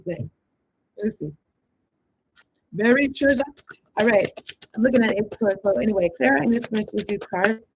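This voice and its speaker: A woman's voice: mid-range voice, a little hiss or hum, poor audio. A woman giving a casual tarot reading. She rambles and thinks aloud in loose slang, with some swearing. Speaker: tarot card reader.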